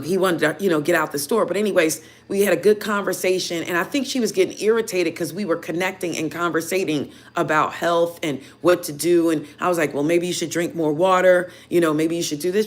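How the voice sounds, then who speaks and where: A woman tarot reader casually telling viewers a story in an animated, chatty way, full of "you know" fillers. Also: lowish voice. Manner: animated, chatty, heated when retelling.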